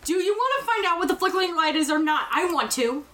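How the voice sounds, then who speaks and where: A woman's voice: very high-pitched, lively intonation, quick pace, sharp tone. A woman playing a tabletop game, chatting casually in a playful, pleading way. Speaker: player.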